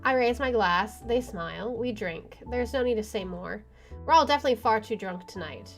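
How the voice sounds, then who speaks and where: A woman's voice: on the high side, lively intonation, normal speed. A woman streamer reading a visual novel aloud, with wry asides and swearing. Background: game music.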